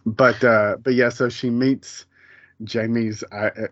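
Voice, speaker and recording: A man's voice: mid-range voice, little pitch movement, slow, no room sound. Man, podcast co-host, casual rambling chat, muffled dry recording. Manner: rambling, many fillers and restarts.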